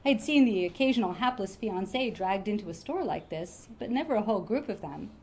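A woman reading a comic novel aloud in a lively, expressive way. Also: mid-range voice, a little fast, few pauses, slight background noise. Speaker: reader.

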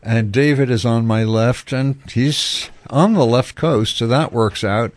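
A man's voice: mid-range voice, a little slow, dry recording. A man hosting a radio talk show in a wry, chatty way with frequent restarts.

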